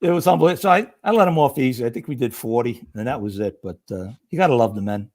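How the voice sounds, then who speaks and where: Lively New man spinning yarns. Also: medium pitch, racing. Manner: animated, acts out the voices of the people in his stories. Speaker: retired fire lieutenant, podcast guest. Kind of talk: casual storytelling.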